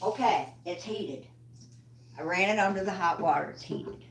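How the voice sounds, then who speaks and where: A woman's voice: mid-range voice, big pitch swings, a little slow, pauses often, slight background noise. An older woman hosting a casual livestream from home, chatting with viewers and talking to her dog as she cooks. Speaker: livestream host.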